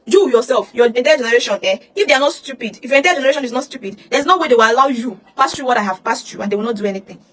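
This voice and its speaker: Fast-talking Nigerian woman ranting. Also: a little high, expressive, a bit bright. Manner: heated, scolding, rhetorical questions. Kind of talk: emotional social media rant.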